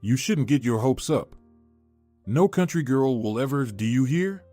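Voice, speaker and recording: A man's voice: mid-range voice, lively intonation, a little slow, dark tone, close to an everyday voice. A man voicing a cruel, haughty middle-aged mother-in-law in a sneering, insulting manner, over faint music.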